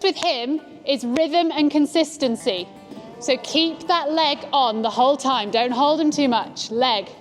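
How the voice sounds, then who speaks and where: A woman giving calm, encouraging instructions as a riding coach. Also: high voice, unhurried, faint music behind. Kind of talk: coaching a rider. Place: outdoor riding arena.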